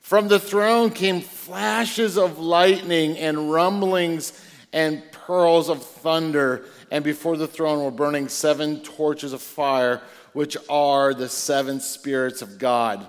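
A male preacher reading scripture aloud in church, slow and deliberate, with excited asides to the congregation. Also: a little high. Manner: reads slowly and deliberately, breaking in with excited asides. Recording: long reverb of a large hall.

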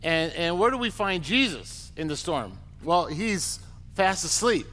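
Male pastor, slightly higher voice, casual preaching style with call-and-response, long hall reverb. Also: sing-song, a little slow, fairly bright tone. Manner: conversational, repeats words, asks the crowd to respond. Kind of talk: sermon.

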